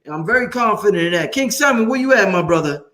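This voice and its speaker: Male livestream host with a high voice, hyped and confident, casual and swearing, in a roomy space. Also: fast talker. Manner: hyped, excited and self-assured, swears freely. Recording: roomy, echoey room sound.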